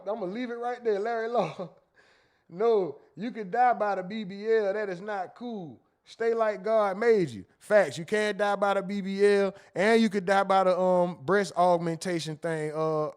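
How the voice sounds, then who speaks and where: A high-voiced man hosts a livestream and reads his chat aloud. His talk is loose and crude, and he often cracks himself up over his own slips. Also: normal speed, clean tone. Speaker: livestream host. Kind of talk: casual livestream commentary reading chat.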